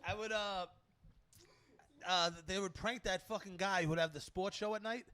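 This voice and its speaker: A man's voice: high voice, fairly even intonation, normal speed, sharp tone, clear, resonant tone. A man with a Brooklyn accent hosting a casual comedy chat, telling rambling, crude stories and laughing often. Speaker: host.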